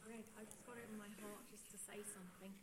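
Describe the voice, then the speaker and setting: A woman's voice: mid-range voice, little pitch movement, quick pace, breathy edge. A woman in the congregation speaking up during a church service, earnest and encouraging. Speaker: congregation member. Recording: noisy background.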